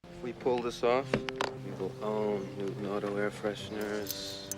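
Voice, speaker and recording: A man's voice: on the low side, fairly even intonation, a little slow, over loud music, close to an everyday voice. An actor playing a smug scheming businessman. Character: smug scheming middle-aged businessman villain. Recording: movie clip with loud background noise.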